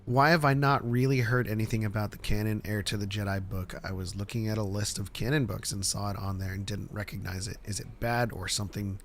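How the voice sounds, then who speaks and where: A man with a fairly low voice co-hosts a casual fan show. He reads viewer questions aloud and jokes along the way. A faint hiss sits under his voice. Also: steady tone, a little fast, hardly any pauses. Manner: joking, playful. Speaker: co-host reading chat.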